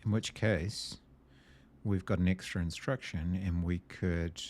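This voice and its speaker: Low-pitched and measured in pace, a male gameplay host thinks aloud and mumbles as he solves a puzzle game. He comes across as hesitant and quick to excitement, with a faint hiss or hum in the audio.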